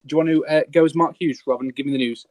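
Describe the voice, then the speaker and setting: Fast-talking male podcast host. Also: on the high side, steady tone, a little mellow, dry recording. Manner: hesitant, laughing, fillers. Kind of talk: casual chat.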